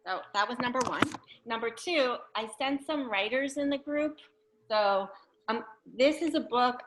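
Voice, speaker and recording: A woman from New York, a guest author, talking casually and joking, with quick self-corrections. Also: mid-range voice, fairly bright tone, poor audio. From New York, USA. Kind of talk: casual talk at the end of an online Q&A.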